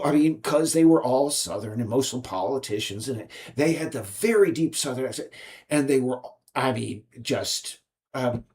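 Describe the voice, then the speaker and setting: Rambling man with lively pitch. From United States. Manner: halting, many restarts and fillers. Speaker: indie game developer. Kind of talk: rambling solo monologue.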